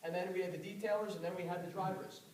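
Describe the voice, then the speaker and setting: A man giving a fast, animated motivational talk on network marketing to a live audience, telling stories with a confrontational edge. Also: high voice. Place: event hall with audience. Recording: echoey room, far mic, audible noise.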